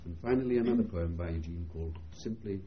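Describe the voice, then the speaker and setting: A man presenting, introducing the next poem in a lively announcing tone. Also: fast talker. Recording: dull lo-fi recording with faint rumble.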